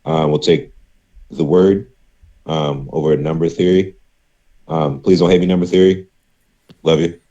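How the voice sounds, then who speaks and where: Guest, male, very low voice, easygoing chatty delivery. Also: fairly even intonation, dark tone, highs cut off. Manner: easygoing, filler-heavy, quick picks. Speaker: guest panelist. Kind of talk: casual panel chat.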